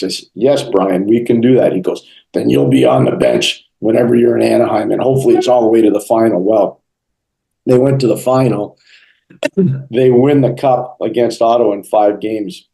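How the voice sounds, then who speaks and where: Low, mellow-voiced man telling stories. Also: normal speed, creaky, poor audio. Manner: animated storyteller, acts out quotes. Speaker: interview guest, hockey broadcaster. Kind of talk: storytelling interview answers.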